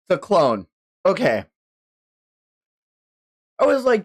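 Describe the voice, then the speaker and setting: Excitable woman streamer with a lively voice. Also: fairly high pitch, slow, long pauses. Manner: excitable, swearing, lots of gasps and exclamations. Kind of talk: live reaction to a manga chapter.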